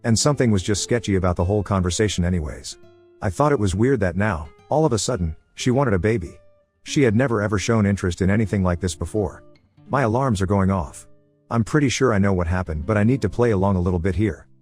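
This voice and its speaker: A man reading an online story aloud in a casual first-person way, over soft guitar music. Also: on the low side, fast. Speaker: story narrator. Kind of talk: reading a reddit post aloud.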